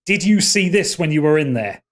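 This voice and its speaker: A game master voicing a jittery, swearing tavern keeper who gives rushed warnings in a raised voice. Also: male voice, on the high side, animated, voice pushed up, close to an everyday voice. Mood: alarmed. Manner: panicky, cursing, rushed warnings. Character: jittery middle-aged male tavern keeper, swears a lot.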